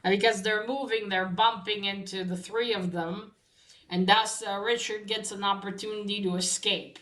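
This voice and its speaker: A woman casually retelling the plot of a novel, often pausing on filler sounds as she gathers her thoughts. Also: medium pitch, steady tone, fairly bright tone, low-quality recording. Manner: hesitant, many filler pauses. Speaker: book discussion host.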